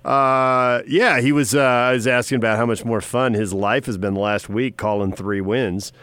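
A man hosting a radio show, chatting in a lively, joking way. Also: medium pitch, moderate pace, smooth, dry recording. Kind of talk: casual radio chat.

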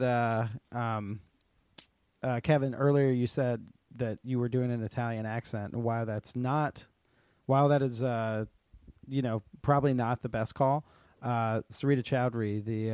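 A man's voice: medium pitch, fairly even intonation, normal speed, a little mellow, clean tone, no room sound. A man talks loosely on a podcast, filling his sentences with ums and likes. His voice is mid-range. The recording is close and dry. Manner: chatty, many fillers, laughs along. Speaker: podcast co-host. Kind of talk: casual chat.

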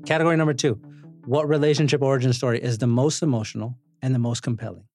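A man hosting a podcast, recapping movie scenes in a lively, joking way, with casual swearing. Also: mid-range voice, fast talker, faint music behind. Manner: animated storyteller, swears, laughs often. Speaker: podcast host.

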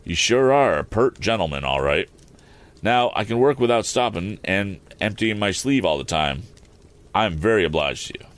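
A man putting on a slow, drawling old laborer. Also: fairly low pitch, animated, lightly acted. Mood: pleased. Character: folksy older working man, slow drawl.

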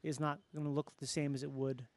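A man in casual chat, animated and jokey, swearing freely. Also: fairly high pitch, fairly quick, no echo.

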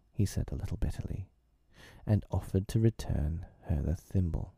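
A man reading a children's classic aloud in a soft, breathy, half-whispered storytelling voice. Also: deep voice, moderate pace, no room sound.

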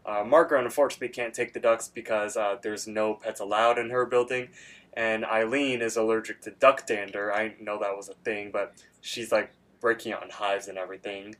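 A man's voice: fairly low pitch, fairly even intonation, a little fast, fairly bright tone. A man co-hosting a casual podcast, recapping a cartoon episode in a rambling, filler-heavy way and acting out character lines. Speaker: podcast co-host.

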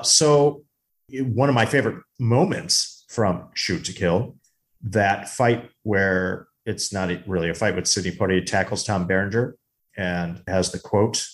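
A man's voice: low voice, a little slow. A man co-hosting a casual movie podcast, talking with enthusiasm and telling stories. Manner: animated, enthusiastic storyteller. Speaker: podcast co-host.

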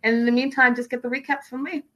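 A woman's voice: high-pitched, fairly even intonation, fast talker, sharp tone, rough recording. A young adult woman hosting a casual live recap, gossiping about a reality show and answering viewer comments. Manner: chatty and gossipy, reads viewer comments aloud. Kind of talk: casual livestream recap chat.

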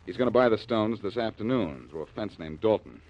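An actor playing a suave, wisecracking reformed jewel thief in a 1940s radio drama. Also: male voice, lowish voice, lively intonation, brisk. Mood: wry. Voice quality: dry wisecracking. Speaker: lead actor. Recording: dull old radio broadcast.

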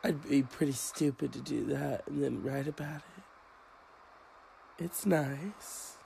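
A man hosting a casual chat, rambling and crude in a deadpan way. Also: medium pitch, slow pace, vocal fry, a little hiss or hum, rough recording.

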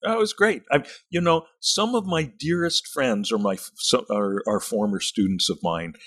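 An older man, an author and retired teacher, talking thoughtfully on a podcast with halting restarts and reading passages from his book slowly and expressively. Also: medium pitch, a bit bright.

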